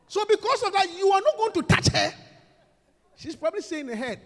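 A man preaching a sermon, calling out questions to the congregation and swinging from soft talk to shouting. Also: very high voice, big pitch swings, brisk, creaky. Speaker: pastor. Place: church hall. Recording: reverberant church hall.

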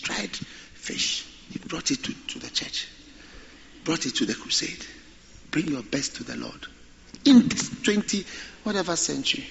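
Male preacher, bright forceful tone, slightly high pitch; muffled recording with faint noise. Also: vocal fry. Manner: animated, repeats phrases for emphasis. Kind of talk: sermon.

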